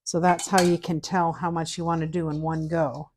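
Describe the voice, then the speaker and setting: Middle-aged Canadian woman, cooking teacher, lowish voice, loose chatty delivery with humming. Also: flat delivery, normal speed, few pauses, a little mellow, a little hiss or hum. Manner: chatty, hums and sings to herself while working. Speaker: cooking instructor. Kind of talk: casual cooking tutorial chat.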